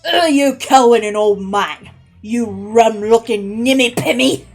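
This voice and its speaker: A woman voicing a belligerent male street thug with a put-on Cockney accent, rough and slangy. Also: fairly high pitch, unhurried, a little mellow, soft background music. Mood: insulting.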